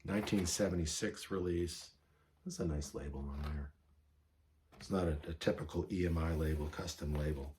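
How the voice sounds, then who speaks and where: A man's voice: extremely low pitch, moderate pace, a little mellow, slight background noise. A man vlogging casually about records he found, rambling and correcting himself as he goes, enthusiastic about his finds. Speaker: vinyl record collector vlogger. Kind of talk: casual show-and-tell vlog.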